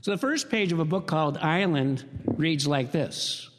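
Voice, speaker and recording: High-voiced man preaching in a reverberant hall. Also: expressive, normal speed, a little hiss or hum. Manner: conversational, anecdotal preaching with rising emphatic repetition. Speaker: pastor. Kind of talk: sermon.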